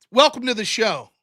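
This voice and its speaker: A man hosting a live-streamed show, ranting through profane, mocking political commentary that swings from shouting to muttering. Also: extremely high pitch.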